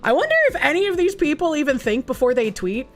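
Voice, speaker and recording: A woman's voice: high-pitched, big pitch swings, fast talker, faint music behind. A woman with a Boston accent, streaming and ranting casually in a blunt, profane way. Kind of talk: casual livestream commentary.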